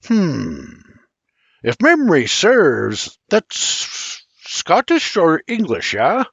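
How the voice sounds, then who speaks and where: A man's voice: fairly high pitch, wildly swooping pitch, extremely slow, creaky, slightly rough, no room sound, highs cut off, voice pushed up, heavily acted. A man voicing a hearty, burly Irish frontiersman who talks in a boisterous, blustery way with an Irish accent.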